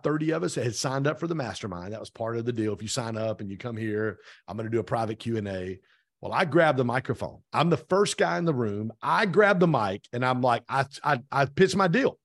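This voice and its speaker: A middle-aged man telling a story in a casual interview, animated, acting out quoted dialogue. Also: medium pitch, no echo, studio quality. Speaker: podcast guest, real estate team owner.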